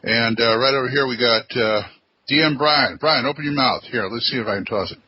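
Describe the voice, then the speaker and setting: A man's voice: medium pitch, a little fast, husky. A man hosting a casual gaming podcast, joking and steering the talk between co-hosts. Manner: jokey, upbeat, steers the talk. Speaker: podcast host. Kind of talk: casual chat. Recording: dull lo-fi audio.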